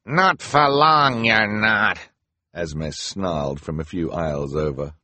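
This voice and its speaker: A man reading a children's novel aloud as narrator, wry and deadpan with mock-solemn asides. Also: sits low, slightly rough, no room sound. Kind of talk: audiobook narration.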